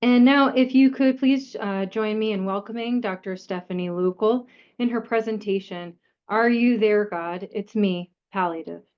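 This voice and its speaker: A woman's voice: medium pitch, moderate pace, clean tone, muffled recording. A woman moderating a webinar, introducing the speaker formally.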